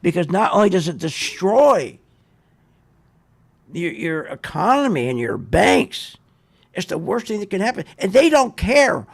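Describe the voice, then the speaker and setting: Guy on a radio show ranting about markets, sarcastic, kinda high voice with lots of gravel in it. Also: sing-song, a little slow. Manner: ranting, sarcastic, mocks others in put-on voices. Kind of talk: opinionated market commentary.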